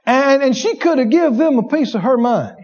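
A man preaching a sermon, animated, acting out inner voices and laughing as he preaches. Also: very high voice, moderate pace, muffled recording, a faint crowd, slight background noise.

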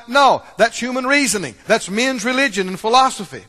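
High-voiced preacher in an echoing hall. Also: male voice, lively intonation, brisk. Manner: call-and-response preaching, swings from loud to hushed. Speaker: pastor. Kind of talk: sermon. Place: church sanctuary. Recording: long reverb of a large hall.

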